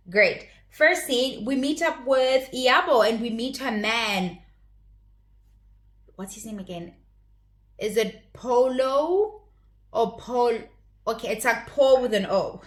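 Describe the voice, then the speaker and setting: A woman's voice: on the high side, a bit bright. A young adult woman hosting her own channel, giving a chatty, opinionated review of a reality show and often repeating words as she restarts. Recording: roomy echoey room.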